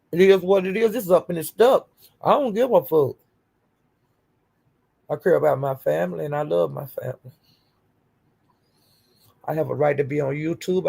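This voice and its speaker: Older woman streamer, husky and gravelly, dark tone, profane defiant rant. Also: low voice, moderate pace, pauses often. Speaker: YouTube streamer. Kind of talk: livestream rant.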